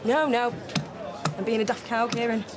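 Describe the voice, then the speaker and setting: An actress playing a wry, guarded young barmaid with a dry, sardonic manner. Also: female voice, a little high, steady tone, normal speed, over music, lightly acted.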